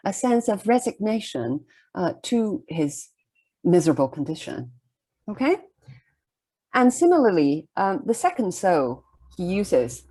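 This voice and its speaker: A middle-aged woman with a mellow, husky, mid-range voice gives a recorded literature lecture. She explains a poem in a measured way, often pausing to ask "okay?"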